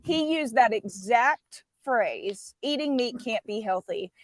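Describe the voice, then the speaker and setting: Lady, middle-aged, all fired up, high voice, dry close sound. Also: lively intonation, takes it slowly, no echo. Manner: fired up and emphatic. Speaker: guest speaker. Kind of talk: enthusiastic live-stream chat.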